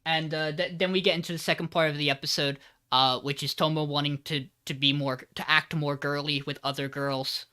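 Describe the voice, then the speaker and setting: A podcast host with a bright, forceful tone talks through an anime episode in a loose, rambling way. The speaker slips into the characters' lines with lively energy. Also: mid-range voice, fairly quick, smooth. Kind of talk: casual anime recap podcast.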